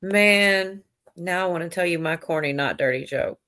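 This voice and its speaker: A woman's voice: lowish voice, normal speed, a bit bright. Giggly rambling woman telling a joke. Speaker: livestream host. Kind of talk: casual chat, telling a joke.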